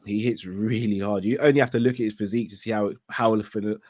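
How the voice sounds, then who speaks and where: A man's voice: on the low side, fairly even intonation, fast, darkish tone, dry recording. A man co-hosting a sports podcast, frank and hesitant, often restarting his sentences. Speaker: podcast co-host. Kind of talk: casual MMA podcast chat.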